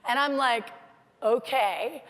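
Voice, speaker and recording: A middle-aged American woman telling stories in a lively, chatty motivational conference talk. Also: on the high side, slow. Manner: storytelling, animated, chatty with many "like"s. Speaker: keynote speaker. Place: large conference hall. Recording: hall reverb from a stage mic.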